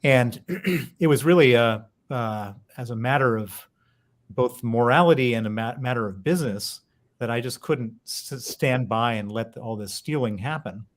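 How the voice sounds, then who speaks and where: A man's voice: medium pitch, unhurried. A man in his fifties with an American accent, a guest telling his story fluently in an interview. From United States. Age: 50s. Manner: fluent storyteller with some restarts. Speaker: guest, author and investor.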